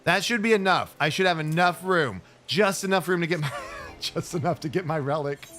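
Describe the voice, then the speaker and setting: A man streaming a game, giving excitable, jokey running commentary in casual chat. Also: fairly high pitch, normal speed, soft background music.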